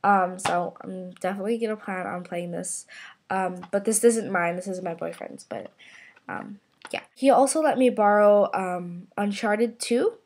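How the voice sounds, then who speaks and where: A woman's voice: medium pitch, a little slow, darkish tone, a little hiss or hum. A young woman vlogging in a casual, bubbly, gushing way, full of fillers. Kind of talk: casual chat to camera.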